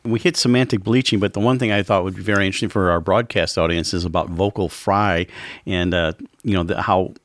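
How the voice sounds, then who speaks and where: A man with a very low voice hosts a radio talk show on a dry, close mic. He reads the station ID and then circles his questions, full of filler words. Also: fairly even intonation, dry recording. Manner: halting, many fillers when asking questions. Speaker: radio host.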